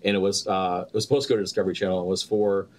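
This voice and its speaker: A man's voice: deep voice, racing, slight background noise. A man, an actor and producer, chatting as a guest and acting out quotes as he tells stories. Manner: animated storyteller, acts out quotes with laughter. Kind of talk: casual interview chat.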